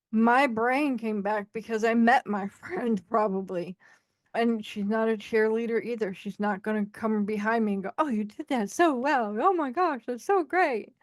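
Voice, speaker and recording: A woman's voice: mid-range voice, no echo, studio quality. A woman co-hosting a podcast, talking candidly and animatedly about her own experiences, often acting out what other people say. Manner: frank and animated, acting out quoted voices. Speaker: podcast co-host. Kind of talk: candid conversational storytelling.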